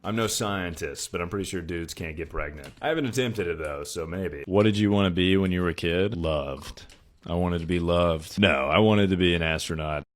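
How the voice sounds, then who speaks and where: Man, fairly low voice, deadpan crude one-liner comic. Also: normal speed. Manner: deadpan, crude and irreverent humor. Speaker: comedy short-form creator. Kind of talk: casual joking one-liners.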